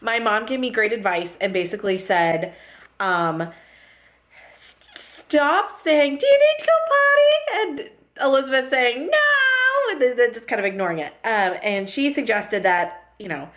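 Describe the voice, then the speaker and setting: A woman's voice: medium pitch, unhurried, a bit bright. A young woman vlogging in casual chat, chatty, laughing often and putting on voices when she quotes people.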